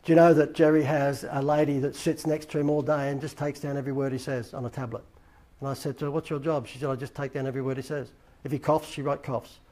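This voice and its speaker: A man's voice: mid-range voice, flat delivery, fast, warm tone. An Australian man hosting his own show, telling a rambling anecdote and acting out the dialogue he quotes. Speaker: host. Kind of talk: casual anecdotal storytelling.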